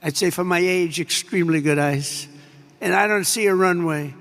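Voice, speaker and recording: Older American man, gravelly speech. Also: sits high, moderate pace, a bit bright. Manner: rambling anecdotes full of superlatives and asides. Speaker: president addressing troops. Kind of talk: off-the-cuff speech to troops. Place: large air base hall. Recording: long reverb from a large hall.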